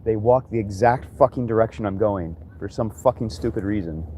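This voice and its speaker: A man with a somewhat low voice vents in a meandering, profanity-laden rant as he walks his dogs outdoors. He keeps breaking off and restarting his thoughts. Clear outdoor noise sits behind him on the phone recording. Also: brisk, dark tone. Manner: frustrated, swearing, rambling with many restarts. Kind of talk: ranting monologue while walking dogs. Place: outdoors on a walk. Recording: noisy outdoor ambience.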